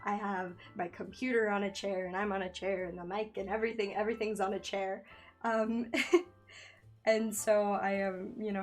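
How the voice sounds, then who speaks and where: A young woman streaming from a makeshift home setup, chatting nervously and giggling while she draws, often losing her train of thought. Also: mid-range voice. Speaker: streamer and digital artist. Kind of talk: casual live-stream chat while drawing. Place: home room by a window. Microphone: studio microphone in a makeshift home setup.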